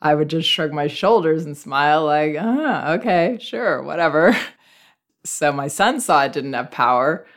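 A middle-aged woman hosting a parenting advice show, answering a listener's letter in a calm, gentle, reflective way. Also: low-pitched, moderate pace.

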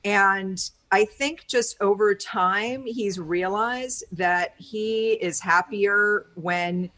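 A woman's voice: medium pitch, drawn-out words, fairly bright tone. Chatty, thoughtful woman guest explaining. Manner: thoughtful, chatty, many fillers, laughs easily. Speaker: interview guest, personality-type teacher. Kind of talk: conversational interview.

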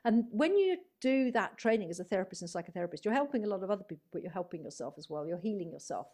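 Her delivery is very fast and sing-song, in a medium-pitched voice with a dark tone. This middle-aged psychotherapist and spiritual healer, appearing as an interview guest, reflects in a rambling, anecdotal style and acts out quoted voices.

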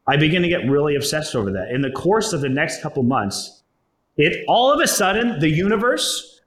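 A man's voice: fairly high pitch, fairly bright tone. A young man, an entrepreneur, telling his own story in a blunt, profane, conversational way, full of "like" and "right?". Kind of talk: personal storytelling talk. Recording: roomy echo.

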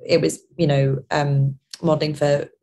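A young actress with a London accent answers interview questions in a relaxed, unscripted way. She restarts her sentences often and breaks into soft laughs. Her voice is a touch lower than average. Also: moderate pace, gravelly. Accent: London English. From London, England.

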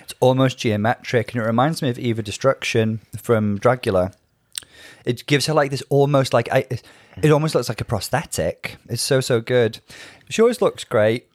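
Chatty man, mid-pitched voice. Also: moderate pace, no echo, studio quality. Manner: chatty, gives reasoned opinions. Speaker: podcast co-host. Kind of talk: casual chat reviewing a drag show.

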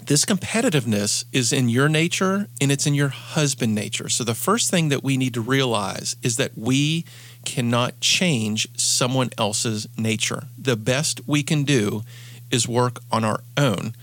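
A man's voice: mid-range voice, animated, measured pace, fairly bright tone. Guy coaching host, earnest, tells stories, keeps restarting lines, mid voice. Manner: earnest storytelling, frequent restarts. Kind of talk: advice show talk.

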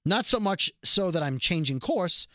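A bright, chatty man co-hosting a podcast, talking fast and a little scattered, now and then reading a passage aloud. His voice sits on the higher side and sounds crisp and forward. The recording is close and dry. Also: sing-song, no room sound. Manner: quick, chatty, reads aloud from a letter. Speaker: podcast co-host. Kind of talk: casual chat.

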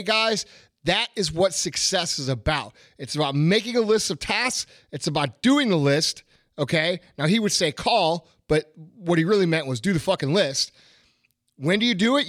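A man's voice: high voice, fairly bright tone, no room sound, clean studio sound. A middle-aged man hosting a podcast, delivering a blunt, profane motivational rant with heavy repetition. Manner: blunt, emphatic, swearing, repeats phrases. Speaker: podcast host.

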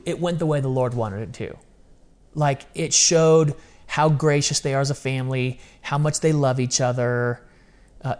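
Animated higher-voiced man telling a story. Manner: animated, casual slang, acts out quoted voices. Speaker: guest. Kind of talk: casual storytelling chat.

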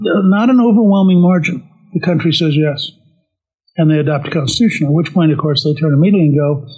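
A man's voice: fairly high pitch, fast, husky, poor audio. A man telling a history story in casual talk, often quoting the historical figures he describes. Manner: animated, quotes historical figures in brief voices. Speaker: speaker on history.

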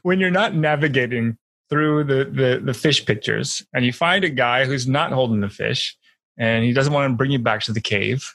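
A man's voice: medium pitch, normal speed, a bit bright, no room sound. A man hosting a podcast, asking easygoing questions in a casual interview. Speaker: podcast host.

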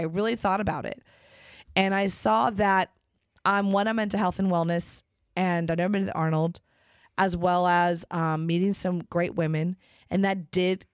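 A woman's voice: fairly low pitch, moderate pace, dry recording. Chatty woman host with a dry, close sound. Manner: chatty and animated, many fillers. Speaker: podcast host. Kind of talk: casual monologue.

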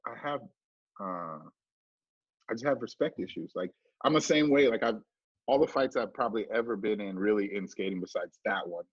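A middle-aged man telling a story in casual chat, animated and swearing, acting out what people said in a raised voice. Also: lowish voice, normal speed, breathy edge, dry recording. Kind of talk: casual storytelling with acted quotes. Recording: dull lo-fi.

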